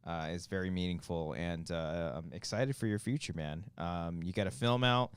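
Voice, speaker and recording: A man's voice: low-pitched, moderate pace, smooth, dry recording. A young man co-hosting a podcast in casual chat, laughing often. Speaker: podcast co-host. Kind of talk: casual chat, reading out supporter names.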